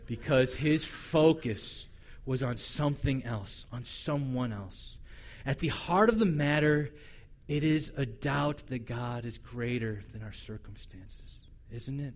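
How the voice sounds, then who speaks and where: A male pastor preaching a sermon in a conversational, humorous way, animated and acting out the voices he quotes. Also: mid-range voice, measured pace.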